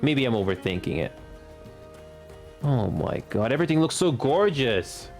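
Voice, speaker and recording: A man in his late twenties giving casual gameplay commentary as a streamer. He talks in a halting way, stumbling over and restarting words. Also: mid-range voice, big pitch swings, darkish tone, soft background music. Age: late 20s.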